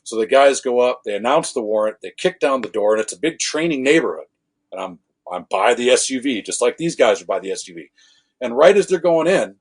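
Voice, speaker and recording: A man, a former law enforcement officer, tells animated stories on a podcast, acting out quotes and correcting his own swearing. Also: mid-range voice, slightly rough. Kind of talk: casual storytelling conversation.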